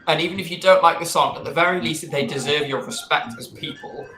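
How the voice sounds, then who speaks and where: A man's voice: a little high, fast talker, roomy sound, a crowd in the background. A man chatting as a panelist on a live stream, earnest and forthright when making a point. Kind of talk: casual live stream chat.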